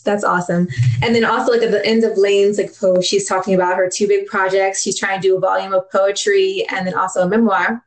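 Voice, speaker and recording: A woman's voice: mid-range voice, little pitch movement, brisk. A woman hosting a casual conversation, curious and asking her guest questions.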